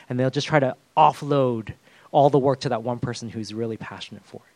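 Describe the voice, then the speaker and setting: A man's voice: on the high side, very fast, no echo. Conversational male pastor preaching. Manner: conversational, self-deprecating humor. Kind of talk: sermon.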